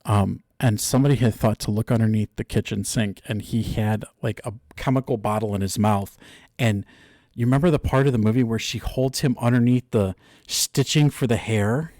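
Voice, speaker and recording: A man's voice: lowish voice, normal speed, a little mellow, dry recording, studio quality. A man chatting casually, telling a story with many fillers and restarts. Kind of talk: casual chat.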